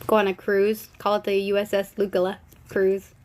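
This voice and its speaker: A woman's voice: medium pitch, completely flat delivery, normal speed, darkish tone, a little hiss or hum. A young woman hosting a casual live stream, gossiping and speculating in a playful, cheeky way while answering comments from viewers. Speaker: livestream host.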